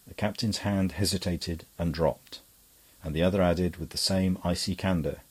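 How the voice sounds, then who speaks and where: Low, husky male audiobook narrator. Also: fairly even intonation, moderate pace. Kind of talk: scripted narration.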